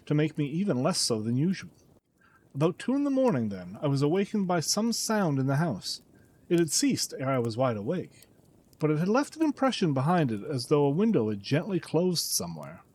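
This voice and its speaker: A man narrating a classic detective story as an audiobook, dramatic and expressive. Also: on the high side, a little hiss or hum.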